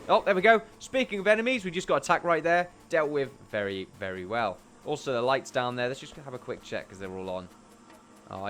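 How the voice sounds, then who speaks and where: A man's voice: mid-range voice, a bit bright, a little hiss or hum. A man giving chatty, rambling let's play commentary at a desk mic, tossing in jokey asides. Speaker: gameplay commentator.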